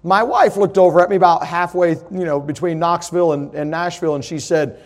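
A middle-aged man, preaching in a high voice. He tells homespun stories in a folksy way and then rises to loud, emphatic declarations. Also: steady tone, fairly quick. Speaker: pastor. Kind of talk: sermon with personal story.

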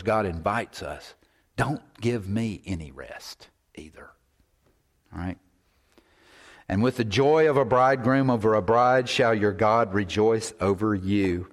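A man preaching a sermon, repeating phrases for emphasis and at times dropping to a whisper. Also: medium pitch.

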